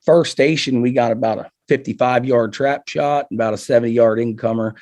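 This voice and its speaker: Animated man telling a shooting-range story. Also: mid-range voice, brisk. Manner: animated, acts out quotes with laughs. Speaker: target setter, podcast guest. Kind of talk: casual storytelling.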